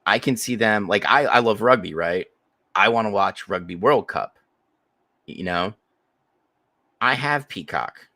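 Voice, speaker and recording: A man's voice: on the low side, expressive, unhurried, long pauses, pushed and bright, no echo. A man co-hosting a podcast who chats casually in an emphatic, profane and sarcastic way. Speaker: podcast co-host. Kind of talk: casual chat.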